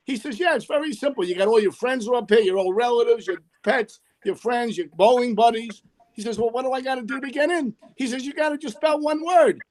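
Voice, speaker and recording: A man's voice: very high-pitched, a little mellow. A man telling jokes on a video call, rambling and correcting himself as he goes. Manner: rambling delivery, fumbles and corrects himself mid-joke. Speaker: joke-teller at an online comedy night.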